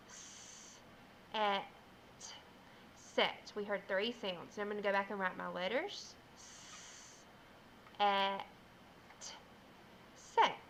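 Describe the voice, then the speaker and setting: A woman teacher giving a first grade phonics lesson, explaining slowly and clearly and sounding out words. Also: mid-range voice, a bit bright, a little hiss or hum, low-quality recording.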